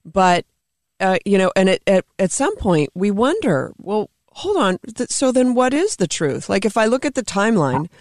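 A woman's voice: mid-range voice, sing-song, moderate pace, a little mellow, no room sound. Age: adult. Sex: woman. Role: talk radio host. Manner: emphatic, opinionated, dry studio sound. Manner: emphatic, opinionated, rhetorical questions. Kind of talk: conversational political talk radio.

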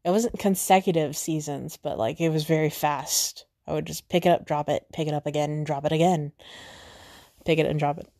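A woman's voice: deep voice, fairly even intonation, normal speed, dark tone. A young woman hosting a podcast on her own, chatting casually and rambling with many fillers and self-corrections. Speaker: podcast host. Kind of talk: casual solo chat.

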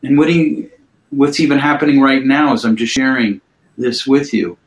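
A man gently guiding a mindfulness practice on a video call, speaking slowly and reflectively and repeating phrases. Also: medium pitch, steady tone, rough recording. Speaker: mindfulness teacher. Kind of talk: guided mindfulness coaching.

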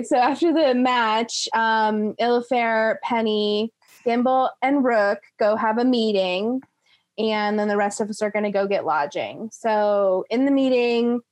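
A young woman casually recapping a tabletop game session, rambling, laughing and slipping into quick character voices. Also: a little high.

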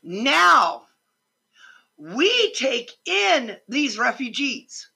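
An older American woman giving an impassioned, indignant political rant, swearing for emphasis, with a husky voice. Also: high voice, lively intonation, unhurried, sharp tone. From United States. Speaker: vlogger.

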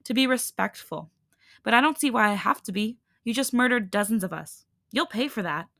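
A woman's voice: fairly high pitch, lively intonation, normal speed, creaky, fairly bright tone, no room sound, studio quality. A woman reading a defiant, bitter female hybrid leader in a scornful, clipped voice.

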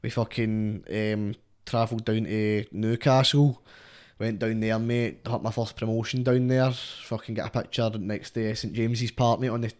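A man's voice: on the low side, flat delivery, moderate pace, a little mellow. A young man with a Glasgow Scottish accent, rambling and swearing in casual chat, with "mate" after nearly every phrase. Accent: Glaswegian Scottish. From Scotland. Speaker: guest rapper.

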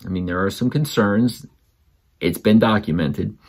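Lively man, slightly low voice. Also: measured pace. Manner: animated, jumps up in pitch when quoting others; advice-giving, emphatic on key words. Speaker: father. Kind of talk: casual storytelling to camera.

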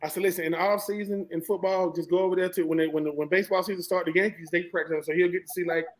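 A man from Georgia with a Southern American accent, a former college football player talking football as a guest in an animated, emphatic way and often repeating himself. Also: high-pitched, very fast, a little hiss or hum, rough recording. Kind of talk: casual sports talk.

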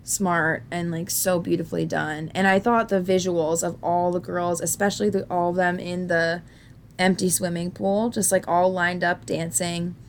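A woman's voice: on the low side, little pitch movement, normal speed, slight background noise. A woman co-hosting a podcast, chatting candidly and jokingly about a film and laughing often. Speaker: podcast co-host.

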